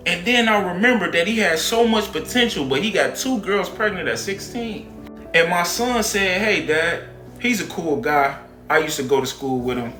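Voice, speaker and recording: Guy doing a smug high-ish businessman voice, measured, faint guitar. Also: sharp tone, roomy sound. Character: self-assured businessman, calm and knowing.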